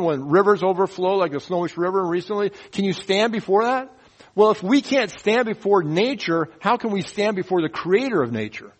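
Bible teacher, male, voice sits a bit high, animated and folksy, asks questions, makes sound effects. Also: low-quality recording. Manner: folksy asides and humor.

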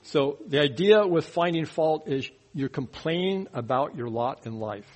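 A man's voice: fairly high pitch, lively intonation, measured pace. A man preaching a verse-by-verse sermon, teaching and putting questions to the congregation, mocking grumblers by turns. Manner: mocking grumblers in a rising, louder voice. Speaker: pastor.

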